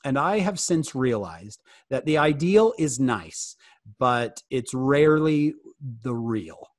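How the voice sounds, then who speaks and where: Animated joking man on a video call. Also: medium pitch, slow pace, no room sound, studio quality. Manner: joking, animated, asks the audience questions. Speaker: guest speaker answering youth questions. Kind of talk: casual fireside talk over video call.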